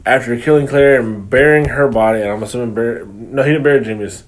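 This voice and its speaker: A man's voice: medium pitch, fairly quick. A man co-hosting a movie review, chatting casually and swearing a lot, with many "like" fillers as he retells the plot. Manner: rambling, profane, lots of filler "like". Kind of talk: casual chat.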